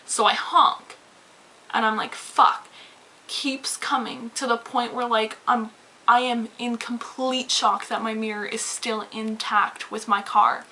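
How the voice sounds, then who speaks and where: Woman vlogger, bright higher voice, animated profane storytime rant, faint hiss. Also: a little slow, rough recording. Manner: animated, swearing, rambling with many "like"s. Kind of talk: casual storytime rant to camera.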